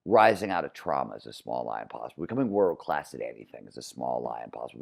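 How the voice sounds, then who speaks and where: A middle-aged man with a flat Midwestern American accent and a very deep, low voice. He speaks as a podcast guest and explains with energy, restarting phrases as he builds each point. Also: fast talker, creaky, hardly any pauses. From Cleveland, Ohio, US. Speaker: author and guest. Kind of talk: podcast interview.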